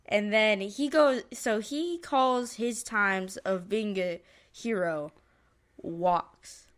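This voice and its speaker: A woman's voice: medium pitch, slow pace. A woman co-hosting a podcast, recapping a movie plot in a rambling, hesitant way and forgetting names. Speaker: podcast co-host. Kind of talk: casual movie review chat.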